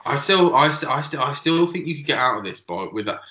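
Casting: rambling podcast co-host, bright, forceful voice, recorded in an echoey room. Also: male voice, mid-range voice, animated, fairly quick. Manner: rambling, laughing, restarts. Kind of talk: casual chat. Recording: echoey room, dull lo-fi sound.

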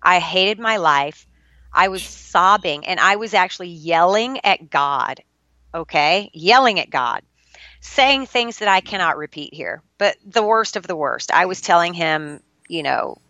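A middle-aged woman guest with a bright, forceful voice speaks candidly about her life, earnest and confessional. Her voice sits close to the microphone in a dry, dead room. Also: lowish voice, expressive, measured pace, no room sound, lo-fi sound. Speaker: podcast guest. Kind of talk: candid personal storytelling.

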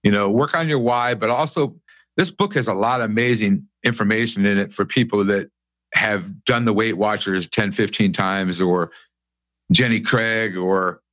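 A man's voice: fairly low pitch, fairly bright tone. A man hosting a podcast, asking questions and giving short friendly reactions. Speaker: podcast host. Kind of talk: casual podcast interview.

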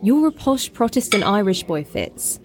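A woman's voice: medium pitch, very animated, normal speed, noisy background. An actress playing an anxious, reproachful young schoolgirl in an audio drama. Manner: nervous, pleading, reproachful.

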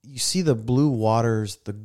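A young podcast host chats casually into a studio mic, telling stories in an animated way and acting out other people's lines. His voice is medium-pitched at a normal speed.

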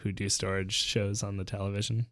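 A man co-hosting a podcast, chatting casually with a dry, deadpan humor. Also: fairly low pitch, fairly quick. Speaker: podcast co-host. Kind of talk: casual group chat.

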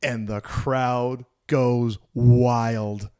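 A man co-hosting a podcast in casual chat, excitable and swearing freely as he recaps a wrestling match. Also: medium pitch, extremely slow, clear, resonant tone, dry recording, studio quality. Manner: excitable, swears freely, shouts quoted lines. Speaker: podcast co-host.

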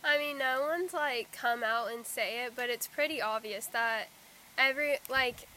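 A woman's voice: fairly high pitch, unhurried, sharp tone, slight background noise. Hesitant teenage girl. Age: teens. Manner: hesitant, many fillers. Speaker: podcast guest, high school student. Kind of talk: casual podcast chat.

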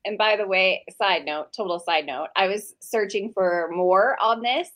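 A woman's voice: medium pitch, measured pace, a bit bright. A woman co-hosting a casual podcast, chatting and wandering into side notes. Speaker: podcast co-host.

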